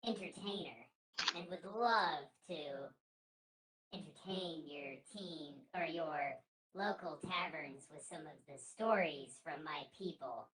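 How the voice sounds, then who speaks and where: A woman player at a tabletop game, making a showy in-character pitch. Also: slow pace, crowd noise, rough recording.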